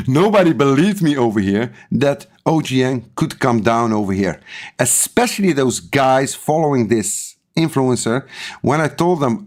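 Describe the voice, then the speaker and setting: A man giving live commentary on crypto charts to his stream viewers, repeating words for emphasis and pushing into excited, urgent appeals. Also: medium pitch. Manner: repetitive and emphatic, rising to excited urging.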